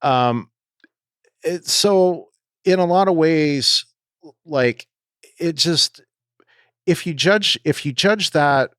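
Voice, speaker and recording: A man co-hosting a podcast, talking casually and haltingly with many ums and restarts. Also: on the high side, a bit bright, clean tone, no echo, studio quality. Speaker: podcast co-host.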